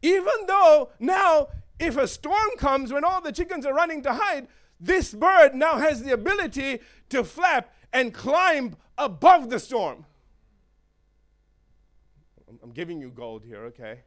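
A man preaching a sermon in an animated way, with joking asides and chuckles. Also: very high-pitched, measured pace.

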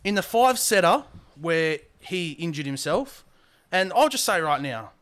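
A man's voice: on the high side, very animated, measured pace, a bit bright. A young man with an Australian accent co-hosting a podcast, ranting casually and swearing freely. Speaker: podcast co-host.

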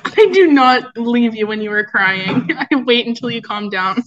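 A woman's voice: a little high, moderate pace, highs cut off, crowd noise. A young woman co-hosting a casual podcast, teasing and laughing often. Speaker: podcast co-host. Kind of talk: casual chat.

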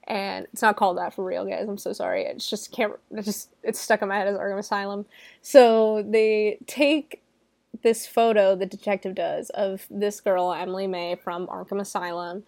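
A woman's voice: medium pitch, steady tone, moderate pace, vocal fry, a little mellow, no room sound. A young woman casually recapping a horror movie in a chatty, giggly way, filling her talk with "like". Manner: chatty and giggly, heavy use of "like". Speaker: movie reviewer.

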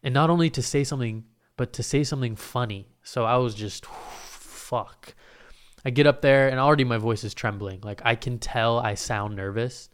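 A young man casually telling a story in a rambling, profane, animated way, full of restarts. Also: mid-range voice, a little fast, smooth.

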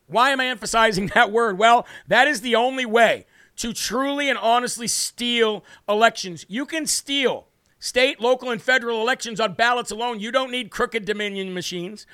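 A man's voice: sits high, pushed and bright, smooth, no echo, clean studio sound. A man from the United States hosting a political livestream in a brash, emphatic way, reading out viewer comments and hammering key words. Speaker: host of a political livestream show. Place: home studio with a city view behind him.

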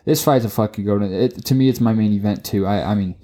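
A man co-hosting a casual sports podcast, talking excitably, swearing often and tripping over his words. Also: lowish voice, fast. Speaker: podcast co-host.

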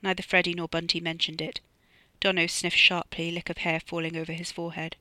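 Crisp, bright audiobook narrator. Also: medium pitch, monotone, a little fast, no echo. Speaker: author reading own novella.

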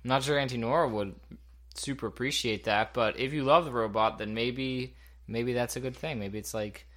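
A man co-hosting, chatting playfully with his young son and asking him gentle, coaxing questions. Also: mid-range voice, moderate pace. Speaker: co-host and father. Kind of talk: playful chat with a toddler.

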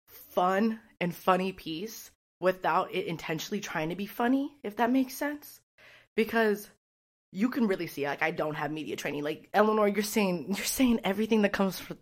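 A woman hosting a podcast in a casual, rambling monologue, candid and blunt, with constant "like" fillers. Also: medium pitch. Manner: candid, rambling, heavy use of "like"; blunt and outspoken. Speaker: podcast host.

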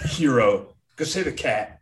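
A man's voice: mid-range voice, animated, slow pace, fairly bright tone, a little hiss or hum. A young man co-hosting a podcast, telling a story in casual, profane chat. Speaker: podcast co-host.

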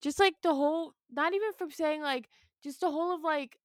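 A woman co-hosting a casual sports talk show, expressive and rambling, with many fillers. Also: high voice, fairly quick, dry recording, studio quality. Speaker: co-host.

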